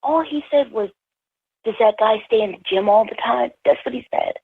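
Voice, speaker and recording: A woman on a phone call, crying and pleading in a hushed voice as she defends herself. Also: a little high, moderate pace, gravelly, slightly rough, no room sound. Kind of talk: tearful phone argument. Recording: tinny phone line.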